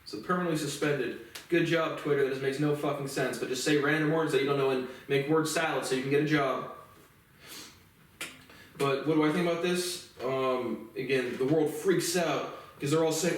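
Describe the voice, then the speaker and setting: A man's voice: on the high side, steady tone, normal speed, a little hiss or hum. A man giving a profane, rambling and indignant solo commentary. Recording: very echoey room, mic far off.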